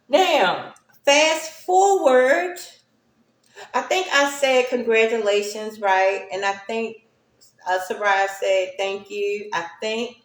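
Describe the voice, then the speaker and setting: Woman, casual storytelling, chatty, keeps asking right, slow pace, echoey room. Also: medium pitch. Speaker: speaker sharing personal stories. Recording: roomy echo.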